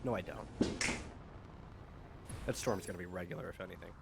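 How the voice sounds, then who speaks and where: A man's voice: low voice, a little fast, creaky, very noisy. A man streaming a mech strategy game, chatting casually and riffing on puns and chat messages, sometimes talking with food in his mouth. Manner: rambling wordplay, reads chat aloud in silly voices. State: eating while talking. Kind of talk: casual joking chat over gameplay.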